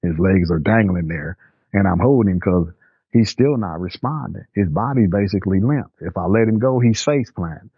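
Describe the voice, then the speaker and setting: A man's voice: low-pitched, expressive, moderate pace, slightly rough, dry recording. An older man, telling his own story in a plain-spoken, vivid, vernacular way. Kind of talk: first-person story recounting. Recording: dry, slightly muffled recording.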